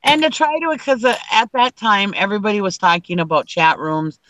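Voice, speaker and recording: Woman host, animated storyteller, casual call chatter, medium pitch. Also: a little fast, no room sound, poor audio. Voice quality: animated storyteller, frequent laughs. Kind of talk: casual group chat, storytelling.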